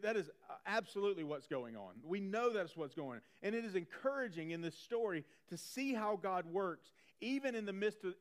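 A man preaching a sermon in a conversational way, animated and repeating phrases for emphasis. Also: high-pitched. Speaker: pastor.

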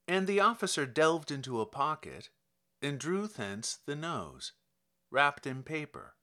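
A man narrating a classic story aloud in an expressive storytelling manner. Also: medium pitch, measured pace. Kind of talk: audiobook narration.

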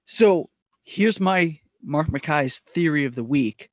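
A man's voice: on the high side, a little slow, no echo. A man co-hosting a podcast in casual chat, jokey and playful. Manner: jokey, does goofy voices and mock ads. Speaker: podcast co-host.

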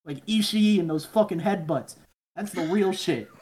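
A man's voice: high voice, moderate pace, darkish tone. A man, a podcast guest, telling rambling stories in casual chat, swearing often and mumbling the voices of people he quotes.

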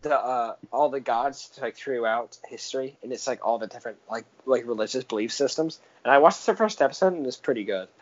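A man's voice: medium pitch, fairly quick, few pauses. A man co-hosting a podcast in casual chat, eager and stumbling over his words. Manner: stammering, restarting, enthusiastic. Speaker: podcast co-host. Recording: dull lo-fi podcast audio.

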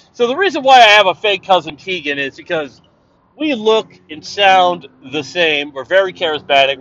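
A man from Canada, loud and profane, rambling through a casual monologue while driving. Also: a little high. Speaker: vlogger. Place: driving in a car. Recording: dull lo-fi sound, car noise.

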